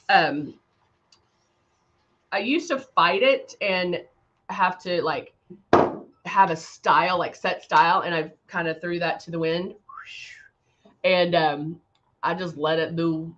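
A woman's voice: lowish voice, expressive, measured pace, pauses often, a bit bright, lo-fi sound. A woman hosting a casual live-stream makeup chat. She rambles, laughs often and reads out viewer comments. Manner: laughs often, many fillers. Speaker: makeup brand host.

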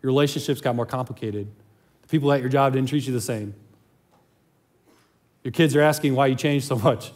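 A man's voice: medium pitch, a little fast, long pauses, darkish tone. A man preaching a sermon as pastor, telling a Bible story in a casual, conversational way. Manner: conversational, chuckles while storytelling.

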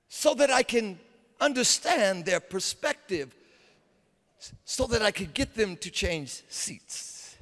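A man's voice: sits high, very animated, a bit bright. Emphatic male preacher in a big hall. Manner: emphatic, repetitive, with dramatic pauses. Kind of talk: sermon. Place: large conference hall. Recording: long hall reverb.

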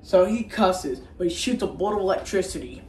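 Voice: mid-range voice, animated, a little fast, a little mellow, distant mic, a little hiss or hum. A casual online reviewer recapping a movie in a rambling, crude and profane way, with frequent restarts. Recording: roomy echo, faint background ambience.

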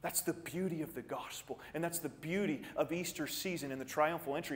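A man preaching a sermon as pastor, earnest and animated, jumping up in pitch for emphasis and then dropping quiet, often repeating words as he starts a thought. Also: fairly quick, few pauses, soft background music. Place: church sanctuary. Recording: church sanctuary with long reverb.

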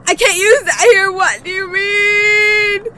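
A high-voiced woman commentates a horror game, frightened and screaming as she goes. She drags her words out slowly and swears often. A clear layer of noise runs under her home stream recording. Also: steady tone, sharp tone. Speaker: gaming streamer.

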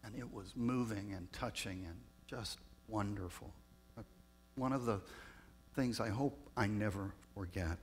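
A man, a pastor raised in Southern California, telling personal stories in a reflective sermon with pauses. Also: on the low side, breathy edge. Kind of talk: storytelling sermon.

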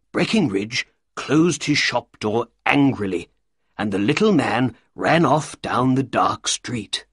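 A man narrating a storybook for learners in a slow, clear way. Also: medium pitch, lively intonation, fairly bright tone, no room sound, clean studio sound.

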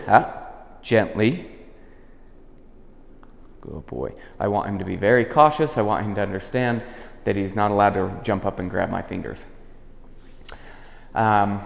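Male dog trainer, calm explainer, low gravelly voice, echoey room with a long tail. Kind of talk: instructional demonstration. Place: indoors in a house. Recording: echoey room with long reverb, dull lo-fi sound.

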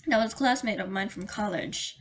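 A woman's voice: mid-range voice, slight background noise, natural voice. A woman reading as a formal male therapist. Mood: measured. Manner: polite, measured, formal reading.

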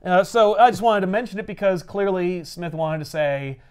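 A man's voice: high-pitched, smooth. A man co-hosting a casual comics chat, recapping a story and acting out the characters' lines. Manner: animated, acts out characters' lines in quick voices. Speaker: comics podcast co-host.

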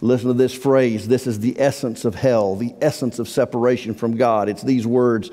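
A male pastor preaching a sermon in a church sanctuary, swinging from hushed, slow lines to near-shouted outbursts. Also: mid-range voice, steady tone. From Iowa. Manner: impassioned preaching, swelling to near-shouts on quoted words. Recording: long hall reverb.

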